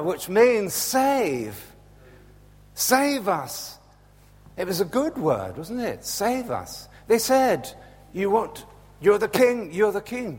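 Male preacher, husky voice, lively pitch, long hall reverb. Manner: slow, animated, swings from loud to hushed. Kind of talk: Palm Sunday sermon. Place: church.

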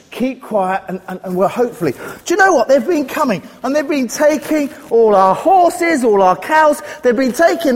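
A man playing a frightened Israelite villager hiding in a cave, talking to children in a nervous, hushed way. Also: extremely high pitch. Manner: jittery, hushed then calling out to children. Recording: echoey hall, faint noise.

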